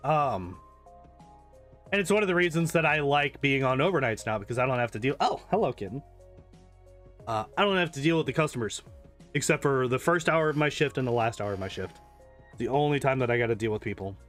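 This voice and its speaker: While playing a game, a male streamer rambles casually, cursing freely and laughing often. His mid-range voice is animated and a bit bright, he talks fast, and faint music plays behind him.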